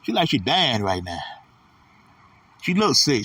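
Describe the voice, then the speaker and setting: A man's voice: medium pitch, very animated, measured pace, bright, forceful tone, husky, no room sound, far from the mic. A man delivering a blunt, profane, repetitive casual ranting monologue as host of his own channel.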